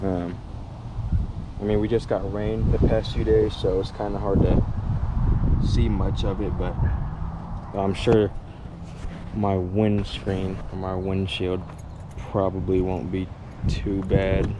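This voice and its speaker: A man's voice: deep voice, flat delivery, takes it slowly, long pauses. A man casually vlogging while he drives to work, rambling with many fillers, recorded inside a moving car. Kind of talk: casual vlog while driving. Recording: muffled with loud road noise.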